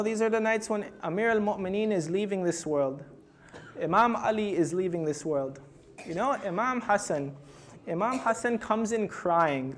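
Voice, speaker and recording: A young man delivering an emotional religious sermon, retelling a tradition and building to loud, pleading intensity. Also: high-pitched. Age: young adult. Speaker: speaker at a mourning gathering.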